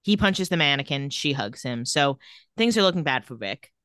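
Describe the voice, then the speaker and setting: A woman co-hosting a casual recap chat, retelling scenes and reading out the characters' lines in a flat voice. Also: deep voice, normal speed, no echo, clean studio sound. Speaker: podcast co-host.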